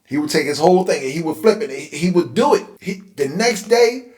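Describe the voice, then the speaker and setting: A man in his forties from Philadelphia telling a personal life story in a casual, conversational way, getting animated when he relives tense moments. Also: fairly high pitch, a little fast. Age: 40s. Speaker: host. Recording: roomy echo.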